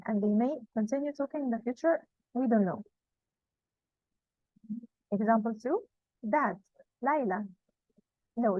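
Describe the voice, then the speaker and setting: Higher-voiced woman teaching grammar, dry and dull. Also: dry recording. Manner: repeats rules slowly and with emphasis. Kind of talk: classroom grammar lesson.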